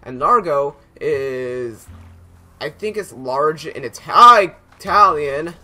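Young male gamer, chatty and rambling, bright forward tone. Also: mid-range voice, expressive, slow. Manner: chatty, rambling, yelps when startled. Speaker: gaming YouTuber. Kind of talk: casual let's play commentary.

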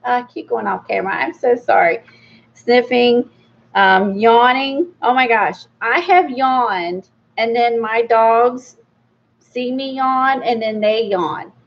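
Speaking slowly with a creaky, higher-pitched voice, a middle-aged woman runs a relaxed book review vlog for her art channel. She rambles, chatters, fills gaps with fillers and gives small laughs, all captured in lo-fi sound.

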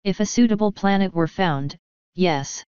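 A woman voicing a calm, regal female pony princess who speaks formally, in a storybook reading. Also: medium pitch, clear, resonant tone, no room sound, close to an everyday voice. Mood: thoughtful. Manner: formal, measured speech. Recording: dull lo-fi dry recording.

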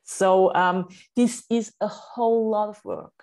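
A woman's voice: medium pitch, steady tone, slow, a little mellow. A woman from Austria with a German accent, a writing coach answering interview questions and sometimes searching for English words. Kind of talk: podcast interview.

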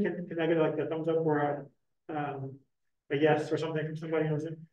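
Fast-talking man presenting in an echoey room. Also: on the high side, little pitch movement, distant mic, muffled recording. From Philadelphia. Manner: fast-talking, loose, many fillers. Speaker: panel presenter. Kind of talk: academic conference talk. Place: conference room with hybrid online audience. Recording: echoey room, speaker away from the mic.

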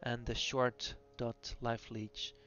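A man talks through a video game class guide at a slow, unhurried pace, often pausing on fillers as he explains. His voice sounds dull and lo-fi, with faint music playing underneath. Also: medium pitch, completely flat delivery, a bit bright. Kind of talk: gameplay class guide voice-over.

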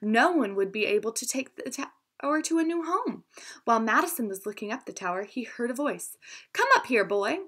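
A woman teacher reads a children's storybook aloud, very expressive, her pitch rising and falling widely. Her voice is bright and a little high. She sometimes stops to explain a word. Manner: expressive, pausing to explain words.

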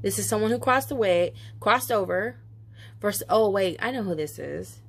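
A woman's voice: mid-range voice, lively intonation, moderate pace, vocal fry, slightly rough. Emotional chatty woman tarot reader. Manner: emotional, chatty, swears casually, many asides. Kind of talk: casual spoken tarot reading.

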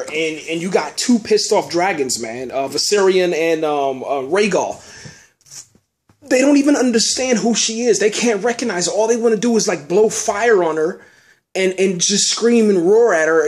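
A young man hosting a podcast, rambling in emotional, exasperated casual commentary, stammering and repeating himself often. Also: a little high. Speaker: podcast host.

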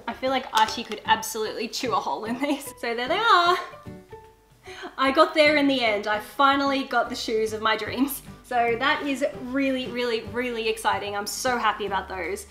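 A young woman vlogs at home, opening parcels and squealing over each one. Her voice sits high and sounds crisp and bright. Faint music runs underneath. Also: normal speed. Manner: gushing and excitable, squeals over items. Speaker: YouTuber. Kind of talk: casual unboxing vlog chat.

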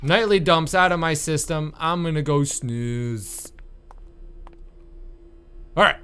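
A man doing let's-play commentary on a horror game, exasperated and swearing, with sudden loud outbursts. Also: fairly high pitch, slow, clear, resonant tone. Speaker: gaming YouTuber.

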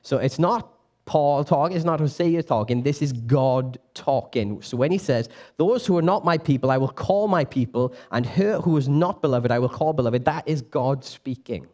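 A man's voice: medium pitch, moderate pace. Chatty young man teaching a church crowd. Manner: lively, chatty, quizzes the audience, self-correcting. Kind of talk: casual sermon teaching. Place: church meeting room.

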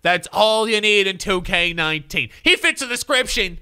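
A man's voice: sits high, lively intonation, moderate pace, pushed and bright, clean tone. A male streamer hosting a gaming show, announcing card reveals in a showy, announcer-like way. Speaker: streamer host. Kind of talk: animated gaming commentary.

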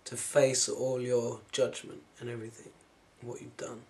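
A man talks through spiritual ideas in a loose, wandering monologue. His voice sits at an ordinary middle pitch, and his sentences often drift off or restart as he thinks aloud. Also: level tone, measured pace. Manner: musing, wandering, with soft laughs and trailing-off phrases. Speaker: spiritual vlogger.

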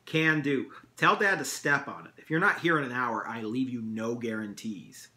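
A man's voice: mid-range voice, normal speed, sharp tone. A man reading a story aloud and voicing a clever teenage brother with a dry, amused manner. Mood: wry. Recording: echoey room.

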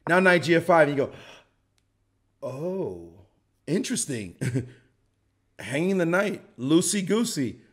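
A man's voice: fairly high pitch, expressive, normal speed, pauses often, a bit bright. A middle-aged man giving a playful, joking chess lesson, acting out the players' reactions as he goes. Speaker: chess commentator.

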